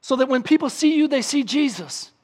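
High-voiced man preaching a sermon. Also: expressive, a little fast. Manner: emphatic preaching, acts out a crying baby with shouts; reads scripture aloud. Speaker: pastor.

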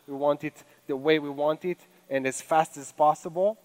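A pastor preaches a sermon on a church stage, his fairly high voice holding a steady tone at a moderate pace. He has a non-native English accent and sounds earnest and conversational, posing rhetorical questions. The recording is rough.

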